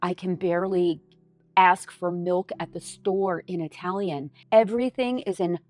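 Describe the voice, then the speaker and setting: A middle-aged American woman vlogging, telling a personal story in a casual, animated way with lots of "like". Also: lowish voice, unhurried. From United States. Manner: animated, acts out her own quoted lines with lots of "like".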